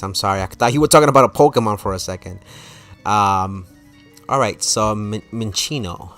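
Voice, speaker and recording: A chatty male streamer talks loosely to his live chat, laughing now and then. His voice sits fairly low. Faint game music plays underneath. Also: a bit bright. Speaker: gaming streamer.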